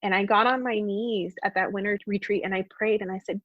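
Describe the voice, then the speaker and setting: A woman's voice: mid-range voice, fairly even intonation, fairly quick, no echo. A woman telling a personal faith story as a podcast guest, earnest and heartfelt. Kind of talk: personal testimony in conversation. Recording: dull, dry podcast audio.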